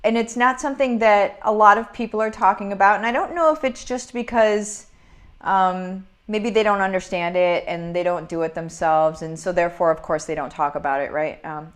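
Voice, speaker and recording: Woman in her forties, lowish voice, upbeat livestream host, chatting from home. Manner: upbeat, greets viewers by name, talks to her dog. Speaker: business coach hosting a livestream. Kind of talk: casual livestream chat reading comments.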